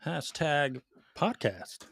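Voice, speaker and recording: A man's voice: fairly high pitch, lively intonation, takes it slowly, creaky, breathy edge, no echo, studio quality. A middle-aged man hosting a gaming podcast, joking and teasing in casual chat. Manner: loud, teasing, joking banter. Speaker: podcast host.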